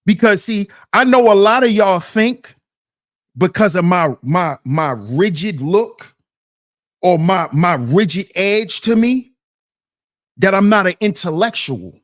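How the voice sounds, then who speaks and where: Male stream host with an indignant, preachy delivery, slow and very animated. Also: sits high. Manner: indignant, preachy, rhetorical questions to his chat. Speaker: commentary channel host. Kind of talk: reaction commentary to a debate clip.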